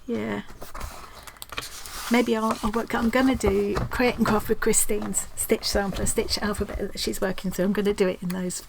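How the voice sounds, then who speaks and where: A woman hosting a craft channel, chatting casually and excitedly as she opens mail in her craft room. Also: mid-range voice, normal speed, gravelly, noisy background. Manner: chatty and excitable, gasping and laughing often. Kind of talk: casual chat while unboxing mail.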